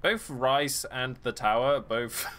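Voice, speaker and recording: Bright, joking young male streamer. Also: mid-range voice, takes it slowly. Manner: jokey, laughing, chatty. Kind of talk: casual gameplay commentary.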